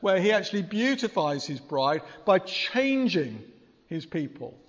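A man's voice: sits high, big pitch swings, measured pace. A man preaching a sermon in a church, earnest and conversational, often asking rhetorical questions. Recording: long reverb, dull lo-fi sound.

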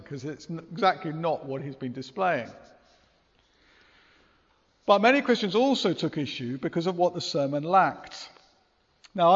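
A man preaching a sermon in a church, earnest and conversational, often asking rhetorical questions. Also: fairly high pitch. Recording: long reverb, dull lo-fi sound.

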